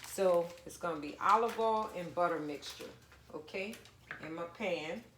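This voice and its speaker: A woman's voice: lowish voice, moderate pace, a bit bright, roomy sound, a little hiss or hum. A woman casually talking viewers through a home cooking recipe, chatty and down-to-earth. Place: home kitchen.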